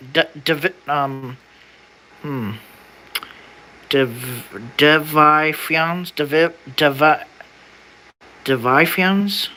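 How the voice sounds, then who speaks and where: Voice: medium pitch, sharp tone, low-quality recording. A young adult streamer in casual livestream chat, reading an old document aloud in a slangy way, stumbling over words and sounding them out.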